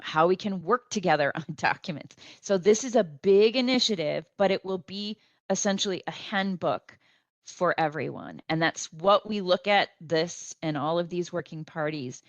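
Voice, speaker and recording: Woman on a video call, halting. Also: fairly low pitch, dry recording. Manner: hesitant, many ums and restarts. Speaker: panelist on a remote link. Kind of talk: panel discussion.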